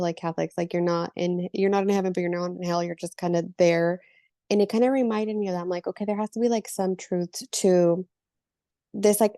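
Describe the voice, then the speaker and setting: A woman's voice: fairly low pitch, warm tone, dry recording, clean studio sound. A woman in a book club thoughtfully sharing her views, hesitant and full of fillers. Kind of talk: casual personal sharing.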